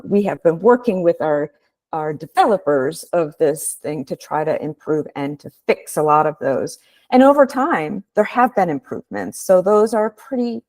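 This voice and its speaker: Woman researcher, webinar presenter; low, dry voice, explanatory, a bit halting. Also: darkish tone, dry recording. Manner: explanatory, with hesitant restarts.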